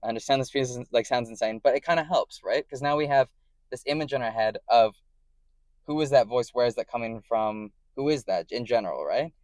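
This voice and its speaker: A man's voice: mid-range voice, a little fast, a little mellow, dry recording. Rambling man talking to camera. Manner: rambling and self-correcting, often checking in with "right?". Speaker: vlogger. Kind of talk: casual explanatory monologue.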